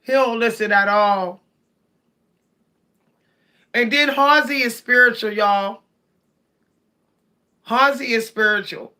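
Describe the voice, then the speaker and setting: A woman chats casually to her viewers, animated and laughing as she talks. Her voice sits high and sounds bright and forceful. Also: takes it slowly, pauses often. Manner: animated, laughs often, addresses viewers directly. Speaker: cat owner vlogger.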